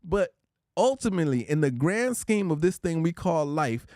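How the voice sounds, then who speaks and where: A man hosting a casual livestream, talking through relationship advice in an easygoing, preachy way and shouting out his chatters by name. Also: fairly high pitch, animated, normal speed, no echo, clean studio sound. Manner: reads out viewer comments and shouts out chatters; laid-back, conversational, preachy about relationships. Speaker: livestream host.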